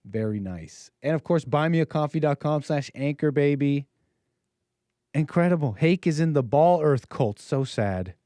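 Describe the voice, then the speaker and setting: A man's voice: fairly high pitch, expressive, moderate pace, dark tone, dry recording. A man hosting a call-in talk show, rambling and joking with lots of fillers and restarts.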